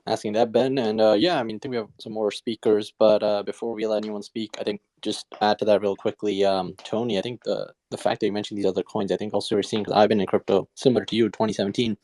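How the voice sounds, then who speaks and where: A man's voice: on the low side, level tone, quick pace, few pauses, darkish tone. A man hosting a casual audio chat, easygoing and hedging with "I think" and "uh". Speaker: host.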